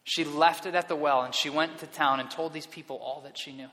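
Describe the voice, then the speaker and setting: A man's voice: a little high, fairly even intonation, fairly quick, bright, forceful tone. A man preaching a sermon as pastor, earnest and often repeating words as he restarts his sentences. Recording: long reverb of a hall.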